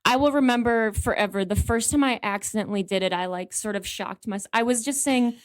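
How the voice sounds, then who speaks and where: A woman coach chats as a podcast guest. Her voice is smooth and resonant, and her talk is friendly with a few fillers. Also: a little high, a little fast. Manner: friendly and upbeat, with some fillers. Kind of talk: casual interview chat.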